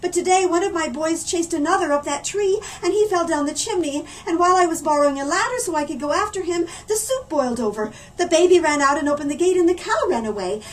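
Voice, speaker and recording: A woman's voice: very high voice, quick pace, few pauses, voice pushed up. A woman voicing a flustered, harried mother of twelve rattling off her troubles. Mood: frazzled. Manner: loud, breathless, flustered. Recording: distant mic, faint room hum.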